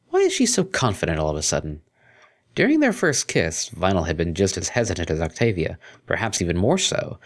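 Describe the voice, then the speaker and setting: A man narrating a fan fiction story aloud in an expressive storytelling manner. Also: sits low. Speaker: story reader.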